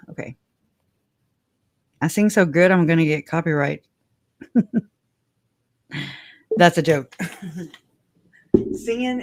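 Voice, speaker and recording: A woman hosting a casual livestream, chatty and giggly, whose voice leaps up high when she gets excited. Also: no echo. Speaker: livestream host.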